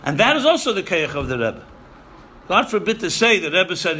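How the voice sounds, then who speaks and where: Emphatic bright-voiced man lecturing. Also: sits high, big pitch swings, normal speed, a little hiss or hum. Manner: emphatic, repeats phrases, Yiddish and Hebrew terms. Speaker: rabbi lecturing seminary students. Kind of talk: sermon-style lecture.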